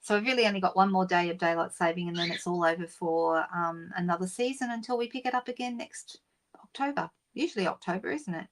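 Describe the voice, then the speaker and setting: A middle-aged Australian woman hosts a papercraft live stream, chatting casually and greeting viewers by name. Her voice is lowish and she talks fast.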